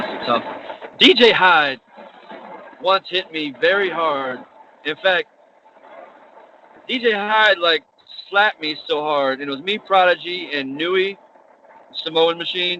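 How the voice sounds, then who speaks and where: A man's voice: fairly high pitch, muffled recording, background noise. A man, a pro wrestler, being interviewed, telling stories casually and animatedly with laughs and casual swearing.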